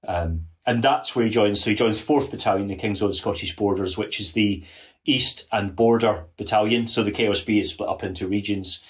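A man's voice: lowish voice, fairly quick. A man guesting on a history podcast, earnest and detailed, often restarting his sentences as he explains. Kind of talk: casual history podcast chat.

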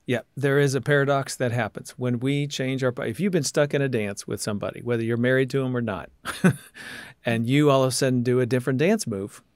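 A male podcast host with a mid-range voice, setting up questions for his guests at length and in a steady, measured manner. The sound is dry and close, with almost no room around it. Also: medium pitch, no echo. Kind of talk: interview.

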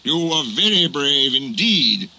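A man voicing a kindly, authoritative male railway boss with a measured, impressive manner. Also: high-pitched, lively intonation, slight background noise, voice pushed up, exaggerated voice, poor audio. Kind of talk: storybook reading. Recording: loud music underneath.

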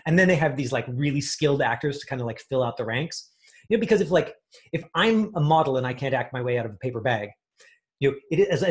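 A man coaching an acting class, talking in a rambling way with many fillers and restarts. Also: medium pitch.

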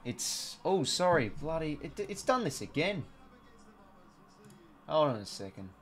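Soft music plays in the background as an Australian man with a fairly high voice hosts a live football watch-along at a measured pace. He chats with viewers, reads their comments aloud and offers casual play-by-play, growing excited when goals come.

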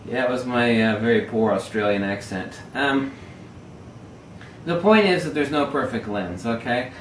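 A man's voice: medium pitch, moderate pace, a little hiss or hum. A man ranting emphatically and sardonically in a casual camera-gear vlog. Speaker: photography vlogger. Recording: roomy echo, mic at a distance.

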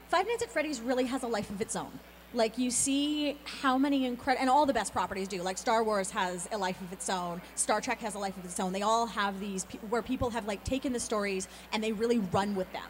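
A woman in her thirties, a voice actor being interviewed at a convention on a handheld mic, talking in a bubbly, quick, laughing way. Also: on the high side. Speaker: voice actor guest. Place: convention hall. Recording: reverberant hall with faint background noise.

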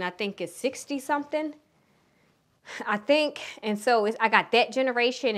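A middle-aged woman from Philadelphia with a Southern twang, giving frank relationship advice in a casual vlog and swearing freely. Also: mid-range voice. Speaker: relationship coach.

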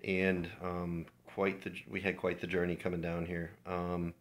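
Low-voiced man giving earnest devotional. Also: completely flat delivery, a little slow. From Minnesota, USA. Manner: earnest, heartfelt personal testimony. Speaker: church devotional speaker. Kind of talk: informal devotional talk.

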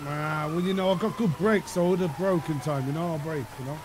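Man playing a touchy driver, high voice, talks fast. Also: darkish tone, a little hiss or hum, lightly acted. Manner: defensive, quick to take offense. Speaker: driver stopped by police. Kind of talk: role-play game chat.

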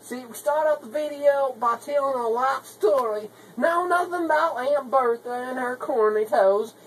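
A woman's voice: sits high, moderate pace, a little hiss or hum, close to an everyday voice, low-quality recording. A woman playing a scheming country wife with a put-on rural Southern US hick accent. She rambles in a folksy way and calls everyone honey. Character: scheming country wife pitching web-marketing tricks. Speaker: comedy video maker. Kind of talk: comedy sketch monologue.

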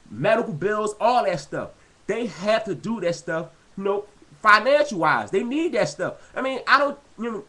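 Lively high-voiced ranting man. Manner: heated, repetitive, peppered with "you know". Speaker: vlogger. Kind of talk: casual rant to camera.

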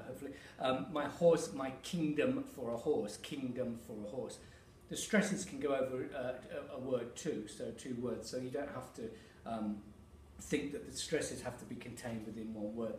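A theatre director and actor giving an educational talk to camera. He explains at an unhurried pace, pauses on fillers, and taps out rhythms. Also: mid-range voice, a little mellow, a little hiss or hum. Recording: roomy echo, distant mic, faint ambience.

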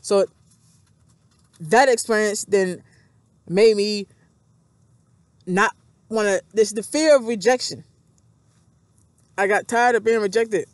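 Woman just thinking out loud on her vlog, rambly, repeats herself a lot, reads a bit in between. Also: medium pitch, slow pace, pauses often. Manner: rambling, repetitive, self-reflective, thinking aloud. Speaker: vlogger reading scripture aloud. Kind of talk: casual rambling monologue with reading aloud.

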